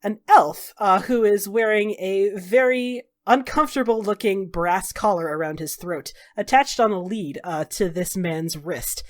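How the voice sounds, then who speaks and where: A woman's voice: mid-range voice, measured pace, few pauses. Woman game master, chatty storyteller in a tabletop game. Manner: storytelling with many fillers.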